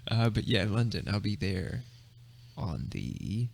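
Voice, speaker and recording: A man's voice: on the low side, big pitch swings, slow pace, gravelly, darkish tone. A man with a Southern American accent chatting on a podcast, laid-back, laughing often and trailing off. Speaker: podcast co-host. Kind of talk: casual chat.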